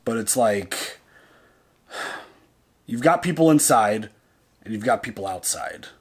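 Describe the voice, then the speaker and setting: This is a man in casual chat as a reaction-show co-host, with a voice sitting right in the middle of the male range. He talks loosely and profanely and reasons his way out loud, backing up and restarting his sentences as he goes. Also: mid-range voice, expressive, takes it slowly, husky. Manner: loose and profane, heavy on "like" and "dude"; thinks aloud, restarting sentences.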